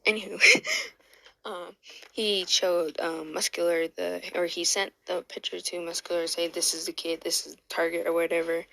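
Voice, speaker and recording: A woman's voice: on the low side, creaky, fairly bright tone, low-quality recording. A woman telling a fan story in a casual, rambling way, restarting often and saying "like" a lot.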